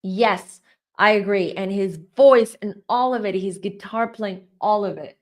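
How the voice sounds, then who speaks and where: A woman's voice: medium pitch, measured pace. A middle-aged woman doing a live tarot reading, talking in a rambling, chatty and openly emotional way. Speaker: tarot reader.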